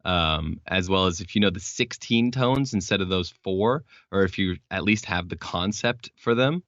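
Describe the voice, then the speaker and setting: A young man from Texas with a very low voice talks as a podcast guest, circling through his points with plenty of "uh" and "like" and many restarts. The sound is close and dry, and the lo-fi recording makes it a bit dull. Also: normal speed, few pauses, a bit bright, no room sound. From Texas, United States. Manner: rambling, explanatory, many fillers and restarts. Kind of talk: casual interview chat.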